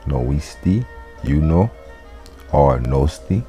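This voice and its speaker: A man's voice: very deep voice, expressive, slow, warm tone, faint music behind. A man teaching a casual language lesson, explaining loosely with fillers and restarts. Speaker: Latin teacher.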